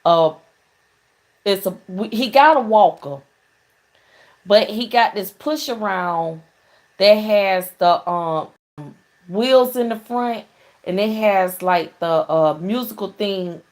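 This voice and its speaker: A woman's voice: medium pitch, expressive, takes it slowly, pauses often. A middle-aged woman hosting a casual call-in show, telling stories in a chatty way and laughing often. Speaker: talk show host.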